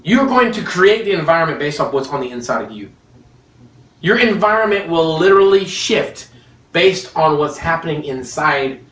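A man preaches a sermon in a lively, joking way, often breaking into laughter. His voice sits high and swoops widely. He sounds distant, in a roomy, echoing space. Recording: echoey room, mic at a distance.

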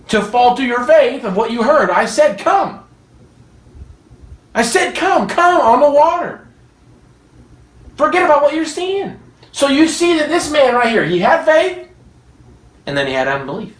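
A preacher giving a sermon to a room of listeners, animated and often laughing while acting out quoted dialogue. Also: mid-range voice. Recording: echoey room, mic at a distance.

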